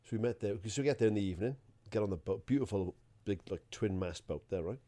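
A man's voice: lowish voice, animated, quick pace, mellow. A man, a podcast co-host, telling a rambling anecdote, swearing freely and laughing as he goes. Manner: swears freely, laughs through his story.

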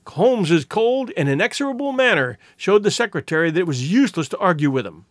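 A man narrating a classic story in audiobook style. His voice is fairly high and very lively in pitch. The recording is close and dry. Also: fairly quick, hardly any pauses, no room sound.

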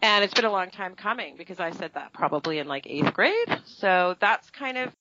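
A woman's voice: moderate pace, no echo, highs cut off. A woman actress chatting in an interview, telling stories animatedly and acting out other people's lines. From New York. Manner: animated storytelling, acting out quotes with big pitch jumps. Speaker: actress and guest. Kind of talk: casual interview chat.

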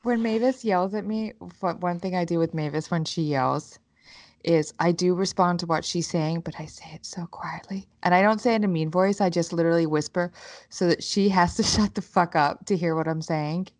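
A woman's voice: fairly low pitch, brisk, darkish tone, no echo. Candid, swearing woman co-host. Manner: candid, swears freely, laughs while telling stories. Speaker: podcast co-host. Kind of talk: casual chat.

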